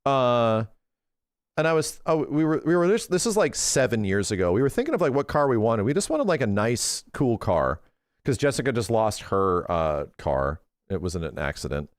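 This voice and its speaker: A man streaming, chatting casually and excitedly with his viewers, swearing often and acting out his own past conversations. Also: medium pitch, normal speed, no room sound, studio quality. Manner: excitable, profane, retells talks in quoted voices. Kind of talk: casual livestream chat.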